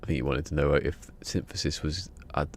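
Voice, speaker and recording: A man's voice: rumbling low, little pitch movement, fairly quick, slight background noise. A man chatting casually on a live game stream, joking and rambling with frequent laughter.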